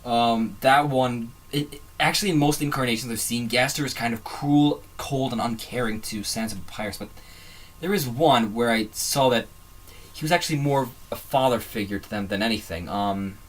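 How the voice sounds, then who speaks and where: In a laid-back fan commentary video, the host wanders off on tangents, frequently letting sentences fade before restarting them. He speaks at a moderate pace in a medium-pitched voice.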